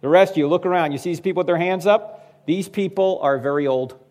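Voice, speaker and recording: Animated man in his fifties. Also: high-pitched, fast, slight background noise. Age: 50s. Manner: animated storyteller who acts out quoted voices; joking, addresses the audience directly. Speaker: public speaker. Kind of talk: humorous talk to a live audience.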